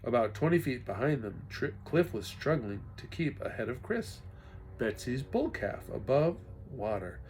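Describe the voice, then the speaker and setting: A man's voice: medium pitch, normal speed, a little hiss or hum. A man reading a children's novel aloud expressively, now and then talking to his listeners. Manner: expressive, stops to chat with listeners. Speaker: reader.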